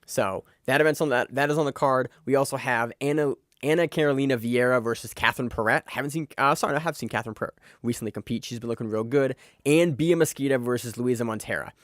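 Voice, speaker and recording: Fast-talking excitable man on a podcast. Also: medium pitch, no echo, clean studio sound. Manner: fast, excitable, swears casually. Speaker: podcast co-host. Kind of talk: casual sports chat.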